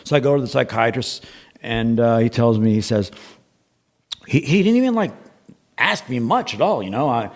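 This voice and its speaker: A man's voice: medium pitch, lively intonation, normal speed. A man guest on a podcast, telling a long personal story in a rambling, casual way, repeating words and acting out what others said.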